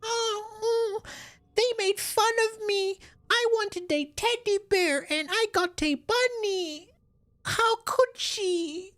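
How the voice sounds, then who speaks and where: A man's voice: very high voice, slow, bright, forceful tone, pitched above the performer's own voice, exaggerated voice. A man voicing a whiny, fake-crying childish girl character, wailing each line in mockery. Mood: whiny sobbing.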